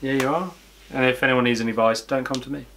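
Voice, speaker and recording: A man's voice: medium pitch, steady tone, fast talker, noisy background. A young man, chatting casually on a vlog in a dry, self-deprecating way. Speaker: vlogger's partner. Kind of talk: casual chat.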